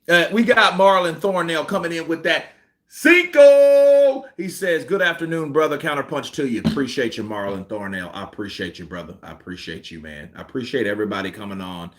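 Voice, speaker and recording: A man's voice: medium pitch, brisk, pushed and bright. A man hosting a boxing commentary stream, venting heatedly with emphatic repetition. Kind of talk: ranting live-stream commentary.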